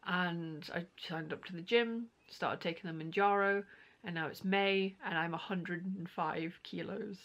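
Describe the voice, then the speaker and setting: A woman's voice: lowish voice, fairly even intonation, unhurried, fairly bright tone. A young woman vlogging, telling a story in a casual, rambling way with many fillers. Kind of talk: casual chat to camera.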